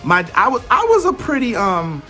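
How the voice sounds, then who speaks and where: An emphatic man in his forties delivers a motivational talk. His voice is high and bright and swings widely in pitch. He speaks with lively, storytelling energy. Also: moderate pace, soft background music. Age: 40s. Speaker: parenting speaker.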